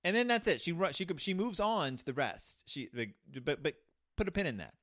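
A man's voice: on the high side, sing-song, fairly quick, fairly bright tone, dry recording, studio quality. A man hosting a show, giving comedic commentary on a children's book, rambling with many restarts. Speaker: podcast host reviewing a children's book.

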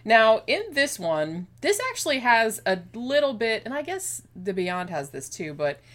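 A woman casually discussing a horror film as a podcast co-host, chatty and animated, laughing often. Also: a little high, normal speed.

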